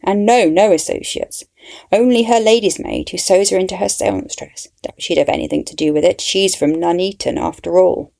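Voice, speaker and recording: A woman's voice: fairly low pitch, normal speed, vocal fry, dark tone, voice pushed up. A woman voicing a brusque, dismissive aristocratic lord in an audio story. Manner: curt, dismissive. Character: brusque aristocratic English lord, middle-aged.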